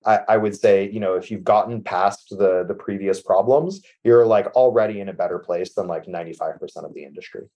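A man's voice: deep voice, a little fast, hardly any pauses. A man guest on a tech podcast, explaining machine learning practice in a casual, filler-heavy way over a remote call. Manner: casual, many fillers like "like" and "you know", trails off softly at sentence ends. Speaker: MLOps architect guest. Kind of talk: conversational technical explanation.

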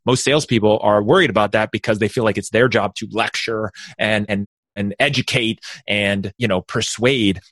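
A man who is a sales consultant guest on a podcast interview, energetic and explaining with quick asides. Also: on the low side, dry recording.

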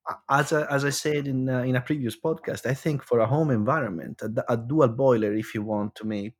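A man co-hosting a podcast, explaining in a measured way with occasional stumbles. His voice is husky and sits at a mid pitch. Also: fairly even intonation. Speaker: podcast co-host. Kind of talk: casual chat.

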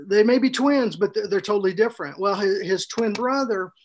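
A man co-hosting a podcast, telling a story in a casual, animated way, laughing often and restarting his sentences. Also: high voice, a little fast, a little hiss or hum. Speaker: podcast co-host and author.

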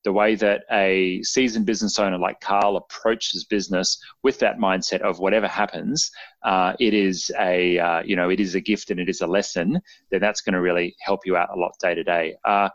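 Lower-voiced man hosting, dry and dull. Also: fairly even intonation, no room sound. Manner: encouraging, halting with fillers. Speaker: podcast host. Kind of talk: casual podcast interview.

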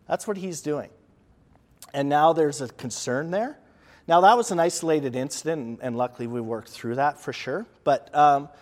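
Male presenter, slightly high voice, chatty and emphatic, repeats for stress; long hall reverb. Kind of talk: leadership lecture to an audience.

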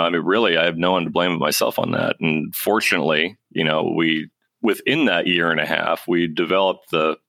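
Deep gravelly guy, podcast host, earnest and casual, dry close sound. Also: sharp tone, dry recording. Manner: casual slang.

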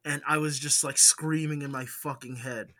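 A man's voice: on the high side, fairly even intonation, normal speed, bright, forceful tone. A man talking on a casual podcast, giving emphatic, swearing opinions. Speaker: podcast co-host. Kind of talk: casual chat.

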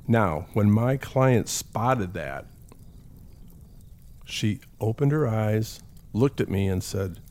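Lower-voiced male counselor. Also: animated, takes it slowly, pauses often, darkish tone. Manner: conversational storytelling with acted quotes. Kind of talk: talk.

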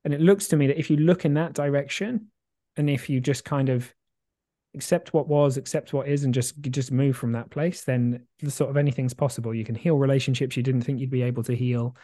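Reflective man, mellow voice. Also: medium pitch, fairly even intonation, fairly quick, dry recording, clean studio sound. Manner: rambling, reflective, many fillers and restarts; swears casually, laughs easily. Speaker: podcast co-host. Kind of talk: casual chat.

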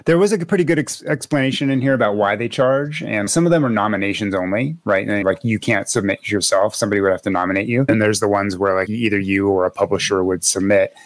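Chatty man with a low, dry voice. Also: fast talker, few pauses, dry recording. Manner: chatty, rambling, many fillers and restarts. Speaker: podcast host. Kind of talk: casual podcast chat.

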